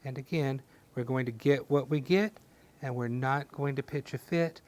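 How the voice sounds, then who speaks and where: A man guides viewers through a painting demonstration step by step. His delivery is gentle and encouraging, with a mid-range voice and homespun sayings sprinkled in. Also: medium pitch, normal speed. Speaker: painting instructor.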